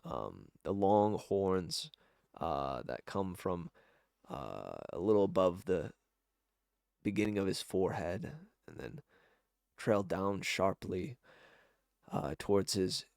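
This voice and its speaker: A man's voice: sits low, expressive, slow, creaky, pauses often, a little mellow, dry recording, studio quality. A man narrating a tabletop game as game master, rambling and correcting himself with many fillers.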